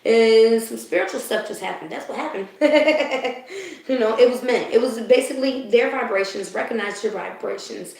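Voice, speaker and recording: A woman with a fairly high voice gives a live spiritual card reading, speaking straight to her viewers. She is emotional and confiding, laughs easily, and keeps checking that the listener is following. The recording is drenched in the echo of a bare room. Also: moderate pace, creaky, darkish tone. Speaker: spiritual reader. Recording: very echoey room.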